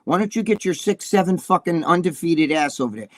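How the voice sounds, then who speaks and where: A man in his sixties rants on a talk show, swearing constantly and jumping from point to point. His voice sits notably high, and the sound is dry and close with no room echo. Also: animated, brisk. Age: 60s. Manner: profane, combative, rambling. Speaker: co-host. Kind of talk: heated political rant on a talk show.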